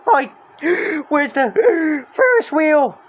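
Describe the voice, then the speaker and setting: A storybook reader voicing a jittery, cowardly young man who whimpers and yelps in a high, frantic voice. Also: sing-song, normal speed. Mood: panicked.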